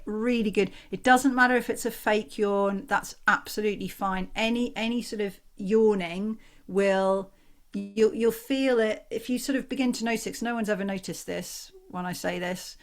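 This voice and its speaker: Calm woman coaching over a video call. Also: mid-range voice. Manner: calm, encouraging, guides the group through exercises. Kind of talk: online workshop instruction.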